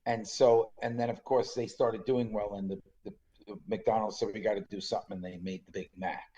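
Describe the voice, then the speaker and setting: A man's voice: lowish voice, steady tone, a little fast, warm tone, slight background noise. A man in his sixties from Canada co-hosting a podcast, telling stories and acting out the quotes of others. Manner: storytelling, acts out quotes with a put-on accent. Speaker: podcast co-host. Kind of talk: casual chat. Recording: slightly dull lo-fi sound.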